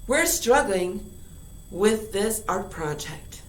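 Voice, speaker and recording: A woman high school English teacher gives a recorded lesson, playful and lively as she repeats key words for emphasis. She talks at an unhurried, deliberate pace with a middle-pitched voice. The room around her rings with a noticeable echo. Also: a little hiss or hum. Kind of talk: recorded online grammar lesson. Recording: echoey room.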